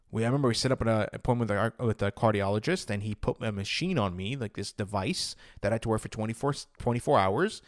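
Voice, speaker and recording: A man's voice: on the low side, quick pace, few pauses, no room sound, clean studio sound. A man telling his personal story, re-enacting his own past words with rising emotion and saying "I'm like" again and again.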